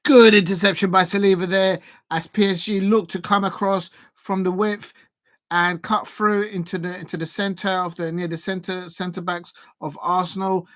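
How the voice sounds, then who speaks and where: Excitable man commentating a live watch-along. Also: high-pitched, normal speed, no room sound. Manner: chatty and excitable, jumping to shouts at big chances. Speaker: YouTuber hosting a live football watch-along.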